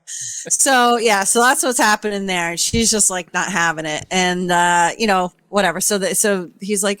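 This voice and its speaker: A woman's voice: medium pitch, normal speed, no echo. Woman podcast host retelling stuff, lots of cussing, bouncy voice, super dry close mic. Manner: animated storyteller, swears freely, acts out quoted voices. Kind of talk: casual recap chat.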